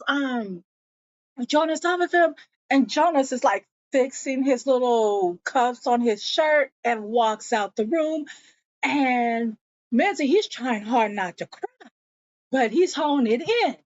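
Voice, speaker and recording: Woman recapping a show, talks slow, kinda high voice, dull dry audio. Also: a little mellow, no room sound. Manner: chatty, blunt, swears freely. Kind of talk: casual episode recap.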